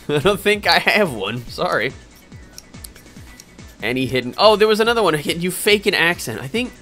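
A man's voice: a little high, very animated, normal speed, sharp tone. A young man live-streaming games, chatting casually and answering viewer questions in a rambling, hesitant way full of fillers and restarts. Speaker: game streamer. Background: faint game music.

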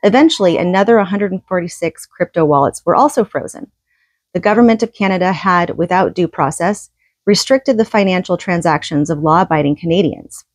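A woman reading a nonfiction book aloud, steady and measured, with an occasional casual aside. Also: on the low side, dry recording. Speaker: audiobook reader.

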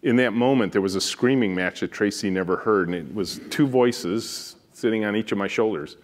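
A man with a deep booming voice delivering a conference keynote as a company founder, telling stories in an animated way. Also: moderate pace. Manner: animated, storytelling, acts out dialogue. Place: conference stage.

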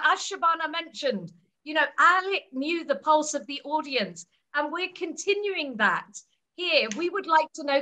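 A woman's voice: high voice, bright, forceful tone. A woman speaking as a co-author at a book launch, explaining ideas step by step in a storytelling way.

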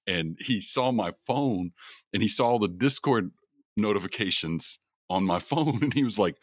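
A man with a very low voice that still swings widely as he tells stories on a podcast. He talks casually, swears often and laughs along. The recording is close and dry. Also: unhurried, no room sound. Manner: profane, laughing, animated storyteller. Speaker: podcast co-host, show editor. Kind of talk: casual chat.

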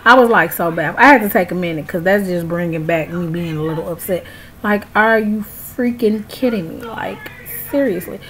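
With a fairly low, slightly bright voice at a moderate pace, an early-twenties American woman vents to camera in a casual vlog, emphatic and outraged as she speaks to her viewers. The audio quality is poor.

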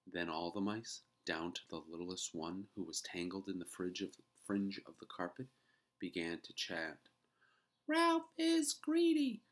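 A woman reading a children's chapter book aloud in an expressive storytelling manner. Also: rumbling low, moderate pace.

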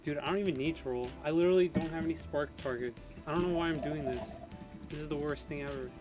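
A young man streaming a game, excitable and panicky, laughing often as he chats. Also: fairly high pitch, fast, over music. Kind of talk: gaming livestream chat.

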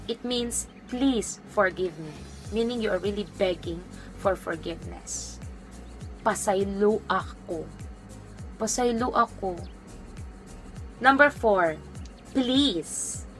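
Woman teacher going really slow and careful, repeats every phrase, crisp bright tone, soft music behind. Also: medium pitch, poor audio. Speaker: language teacher. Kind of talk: online language lesson.

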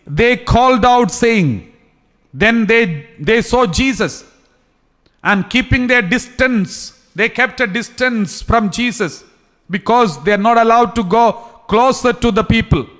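A high-pitched man preaches a sermon, taking his time and circling back to repeat his points. His voice rings out with a long reverb tail, as in a large hall. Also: a bit bright. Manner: preaching slowly with repetitions and restarts. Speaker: priest.

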